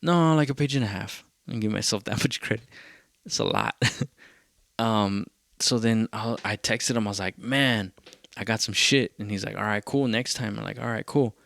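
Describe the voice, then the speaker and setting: A young man hosting a podcast, telling a rambling story in casual, profane talk and acting out what others said in quick bursts. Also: on the low side, creaky, a bit bright, dry recording, clean studio sound. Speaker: podcast host.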